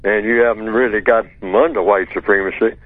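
Male radio guest calling in on a phone line, lo-fi and dry, measured and lecturing. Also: fairly low pitch, steady tone, no room sound. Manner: measured, lecturing, asks and answers his own rhetorical questions. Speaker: guest expert on call-in radio. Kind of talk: talk radio discussion. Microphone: telephone.

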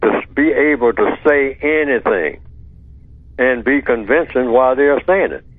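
Male radio guest calling in on a phone line, lo-fi and dry, measured and lecturing. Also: medium pitch, animated, dry recording. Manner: measured, lecturing, asks and answers his own rhetorical questions. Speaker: guest expert on call-in radio. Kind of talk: talk radio discussion. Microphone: telephone.

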